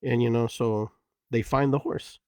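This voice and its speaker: A man's voice: mid-range voice, fairly even intonation, measured pace, darkish tone, smooth, no room sound. A middle-aged man hosting a podcast, telling a parable in a loose, rambling way with many fillers. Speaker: podcast host. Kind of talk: casual reflective storytelling.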